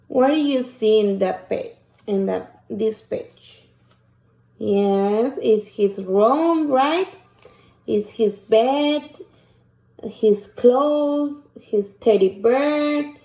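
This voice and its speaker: A woman teacher, reading a picture book aloud and asking children questions in a slow, patient way. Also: a little high, warm tone, reverberant. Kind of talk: shared reading lesson for children.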